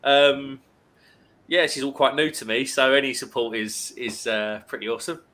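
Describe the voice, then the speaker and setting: A man's voice: mid-range voice, fairly even intonation, normal speed, bright, forceful tone. A man hosting a casual live stream, chattily reading out viewer comments and greeting people.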